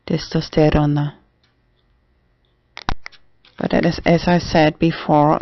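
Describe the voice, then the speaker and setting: A trans man talking haltingly in a casual video diary, with many restarts and fillers. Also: fairly high pitch, creaky, no echo. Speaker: vlogger. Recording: dull dry lo-fi recording.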